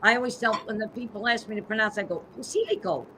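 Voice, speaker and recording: Bright-voiced woman hosting a live stream. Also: a little high, steady tone, slight background noise. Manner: upbeat, promotional, spells out web addresses slowly. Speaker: host and pageant CEO.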